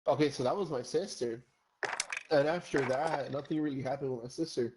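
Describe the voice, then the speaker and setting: A man's voice: mid-range voice, brisk, noisy background. A young man telling a long story while gaming on stream. He rambles, curses often, says "bro" constantly and slips between English and Spanish. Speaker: gamer streamer.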